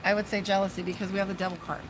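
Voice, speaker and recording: Woman, tarot reader, casual live stream, chatty and profane, middle pitch, outdoors by a pool, traffic noise behind. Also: flat delivery, racing. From Las Vegas, USA. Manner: chatty, profane, breaks off to talk to her dog.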